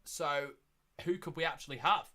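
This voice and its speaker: A young man hosting a live watchalong stream, chatting casually and repeating himself, getting loud and excited at big moments. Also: a little high, moderate pace. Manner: excitable, repeats phrases, shouts when thrilled.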